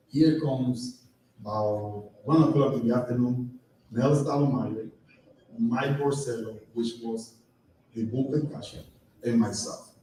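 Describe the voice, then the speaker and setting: A middle-aged man telling lively stories to a live audience, laughing often and acting out dialogue. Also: medium pitch, a little hiss or hum. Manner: animated, laughing storyteller, acts out dialogue. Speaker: guest speaker at a live fan event. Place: event hall with audience. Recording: very echoey hall, voice far from mic.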